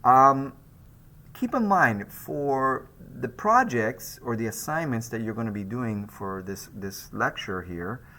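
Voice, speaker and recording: Lively, bright-voiced male art lecturer. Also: medium pitch, slow. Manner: lively, conversational, with frequent restarts and fillers. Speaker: art instructor. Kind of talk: recorded slide lecture.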